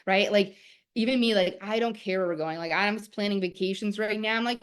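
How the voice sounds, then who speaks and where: A woman's voice: mid-range voice, a little fast. Chatty, enthusiastic woman teaching live. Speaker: online course teacher. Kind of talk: live-streamed masterclass.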